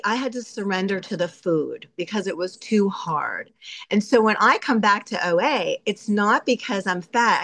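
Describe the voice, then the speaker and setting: Woman sharing her recovery story at a meeting, chatty and candid, laughs a lot, mid pitch. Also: animated, a little slow, a bit bright. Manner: candid, chatty, laughs often, acts out her own inner voice. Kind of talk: personal recovery share.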